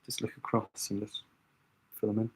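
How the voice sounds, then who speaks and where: A man's voice: lowish voice, level tone, moderate pace, husky. A young man doing drag makeup on a livestream, chatting casually and thinking aloud to his viewers.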